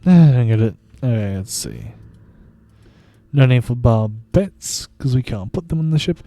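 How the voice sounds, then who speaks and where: A man's voice: medium pitch, animated, measured pace, warm tone, no room sound, soft background music. A man streaming a video game, giving casual, wry commentary with frequent chuckles. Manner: wry, amused, chuckles often.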